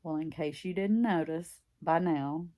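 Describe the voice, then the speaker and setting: An older woman with a deep Southern country accent, chatting in a rambling way while stitching for a craft vlog. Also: a little slow, mellow. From Mississippi, US. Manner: rambling, chatty, filler-heavy. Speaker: craft vlogger. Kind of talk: casual chat while stitching.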